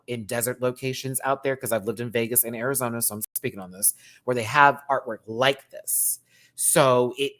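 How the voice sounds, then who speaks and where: In a casual video review rant, a drag show reviewer from Texas goes off animatedly, doubling up words for emphasis. His mid-range voice is a bit bright and carries a light Southern twang.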